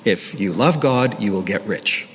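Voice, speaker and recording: A man's voice: on the low side, expressive, a little slow. A man preaching a sermon in a candid, self-deprecating, conversational manner. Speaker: pastor. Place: church. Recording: long hall reverb, faint ambient noise.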